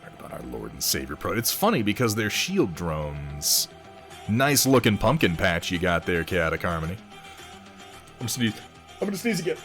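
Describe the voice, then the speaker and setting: A man's voice: low-pitched, big pitch swings, normal speed, fairly bright tone, faint music behind. A man chatting casually on a live stream while painting miniatures, rambling, reading viewers' messages aloud and swearing offhandedly.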